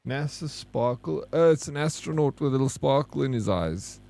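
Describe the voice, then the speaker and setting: A man's voice: medium pitch, expressive, moderate pace, gravelly, dark tone. A man streaming a video game, chatting casually with viewers and reacting to what he sees. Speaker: gaming streamer. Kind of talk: casual gameplay commentary.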